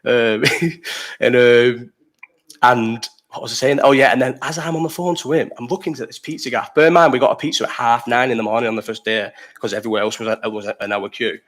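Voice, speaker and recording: A young man with a Liverpool accent hosts a casual livestream chat at a brisk pace. His voice sits at an ordinary pitch. He rambles through stories full of swearing and breaks off to answer the chat. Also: fairly even intonation, a bit bright. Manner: rambling, sweary storytelling, reads chat aloud. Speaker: livestream host.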